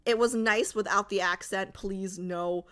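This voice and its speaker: A woman's voice: medium pitch, steady tone, measured pace, very noisy. A woman streamer in casual livestream chat, joking and reading out and answering her chat. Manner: chatty, jokey, reads and answers chat aloud.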